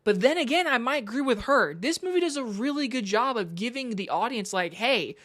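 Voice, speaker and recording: Woman movie reviewer, casual and excitable, peppers her talk with "like". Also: a little high, fairly quick. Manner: chatty, enthusiastic, heavy use of "like".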